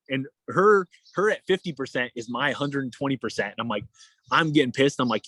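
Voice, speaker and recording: The voice is fast, fairly bright and slightly rough, heard on a dry, rough recording. This endurance athlete guest spins a long story in a casual interview, meandering with many fillers and mimicking others' words in a higher voice.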